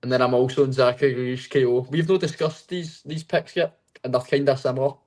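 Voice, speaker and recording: A man's voice: mid-range voice, fairly even intonation, a little fast, darkish tone. A man with a Scottish accent, joking crudely and laughing as he gives his picks on a casual betting call-in show. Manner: crude, teasing, laughs often.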